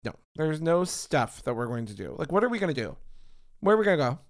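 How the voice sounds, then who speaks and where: A man hosting a podcast alone, chatting casually in a sassy, animated way and sounding tired. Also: fairly high pitch, quick pace. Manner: sassy, animated storytelling with swearing. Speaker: podcast host. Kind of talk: casual solo chat.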